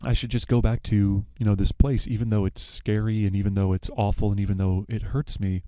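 A man's voice: fairly low pitch, level tone, fairly quick, mellow, dry recording. A young man hosting a podcast, casually retelling a plot with lots of fillers and self-corrections. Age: young adult. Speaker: podcast host.

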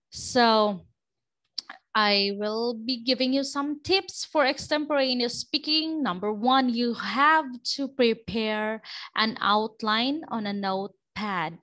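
A woman's voice: on the high side, fairly bright tone. A woman teacher giving a classroom lecture, explaining step by step with frequent restarts and checks of "okay".

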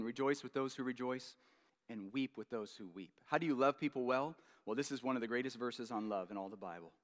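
A man preaching a sermon as pastor, earnest, repeating key phrases and dropping to a hush at the ends of lines. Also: medium pitch, long reverb tail. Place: church sanctuary.

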